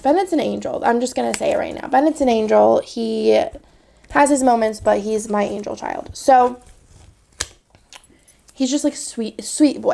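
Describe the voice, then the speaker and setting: Woman vlogger, thirties, rambling storytime chat, bright-ish pitch with gravelly fry. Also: slight background noise. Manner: chatty, rambling, many fillers. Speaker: planner vlogger.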